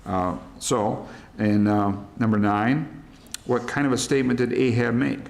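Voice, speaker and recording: A man's voice: mid-range voice, fairly even intonation, measured pace, vocal fry, darkish tone. A middle-aged American man leading a church Bible study, talking through worksheet questions in a plain, conversational way and retelling scripture in everyday words. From United States.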